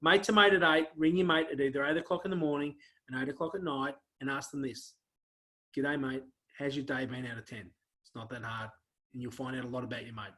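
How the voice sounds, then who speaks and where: A man's voice: medium pitch, quick pace. A man hosting an interview show, talking casually and heaping praise on his guest with lots of fillers. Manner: effusive, warm praise, many fillers.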